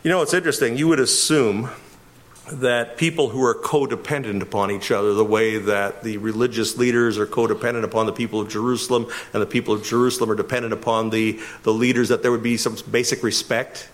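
A man's voice: medium pitch, fairly even intonation, quick pace. A middle-aged man from Canada giving expository Bible teaching as a pastor, emphatic and often chuckling. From Winnipeg, Canada.

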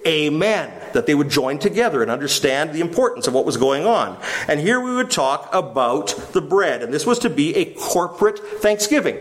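A man preaching a sermon, teaching with questions that he then answers himself. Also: on the high side. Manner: teaching, asks the listeners questions and answers them.

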